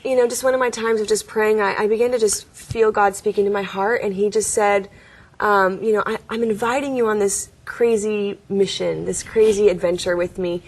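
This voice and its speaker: A woman, likely in her thirties, telling her faith story as an interview guest, earnest and often laughing softly. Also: medium pitch, steady tone, moderate pace. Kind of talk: testimony in a studio interview.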